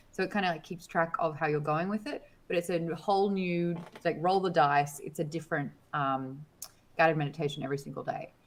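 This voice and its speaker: A woman co-hosting a casual chat, telling stories with lively acted-out quotes. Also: low voice, brisk. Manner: animated storyteller, acts out quotes. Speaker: co-host.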